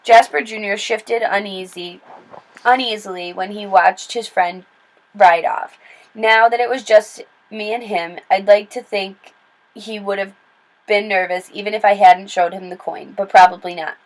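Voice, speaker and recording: A woman reading a children's novel aloud in steady, plain storytelling with small slips and restarts. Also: medium pitch, unhurried, poor audio. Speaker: read-aloud narrator.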